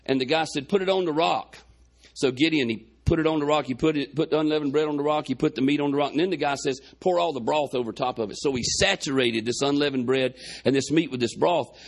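A man's voice: fairly high pitch, quick pace, creaky. A man preaching a sermon, retelling a Bible story in a folksy way with quoted dialogue, his chest congested.

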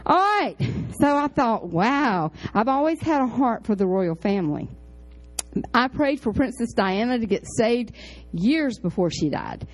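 A woman pastor with a drawl preaches in a chatty storytelling way. Her voice sits a little high, and she leaps into excited highs and drops into low, quiet asides. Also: unhurried, rough recording. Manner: chatty, animated, jumps between high exclamations and low asides. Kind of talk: storytelling sermon.

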